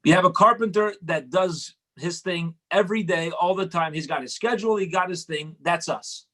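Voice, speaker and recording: Male Torah teacher, conversational and repetitive, a touch high-pitched. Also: moderate pace, a bit bright. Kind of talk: storytelling Torah lesson.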